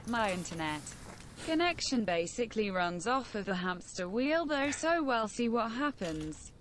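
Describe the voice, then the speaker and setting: A text-to-speech woman's voice reading viewer donation messages aloud on a live stream in a flat, synthetic way. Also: a little high, measured pace, a little hiss or hum.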